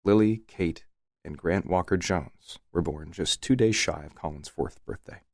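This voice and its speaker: A man narrating a first-person romance audiobook in a relaxed, wry manner. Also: low voice, a little slow, vocal fry, no room sound, studio quality.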